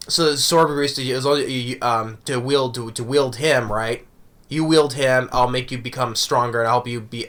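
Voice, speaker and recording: A man with a bright, forward voice talks through an anime episode in a loose, casual review. He rambles and circles back, often checking in with a quick "right?". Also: mid-range voice.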